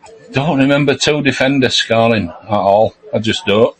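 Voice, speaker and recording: A man's voice: medium pitch, moderate pace, a little hiss or hum. An older man co-hosting a football podcast, talking emphatically and repeating himself for effect. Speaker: podcast co-host. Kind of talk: casual football chat.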